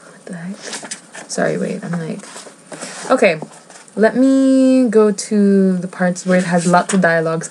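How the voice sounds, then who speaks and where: A woman's voice: mid-range voice, a little mellow, a little hiss or hum, low-quality recording. A woman vlogger chatting casually as she reads a book aloud, rambling, giggling and cutting herself off. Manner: rambling, giggly, self-interrupting. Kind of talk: casual chat while reading a book aloud.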